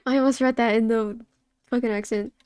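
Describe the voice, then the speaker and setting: A woman's voice: on the high side, fairly even intonation, fairly quick, darkish tone, clean tone, no room sound. Chatty young woman streamer, close dry sound. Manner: chatty, swears casually, laughs, answers chat. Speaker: art streamer. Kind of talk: casual chat while drawing on stream.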